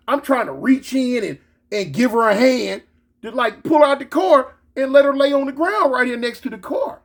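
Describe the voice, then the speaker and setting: A man telling a story in a casual, slangy, animated way. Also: very high-pitched, normal speed. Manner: animated, slangy, switches into excited quoted voices.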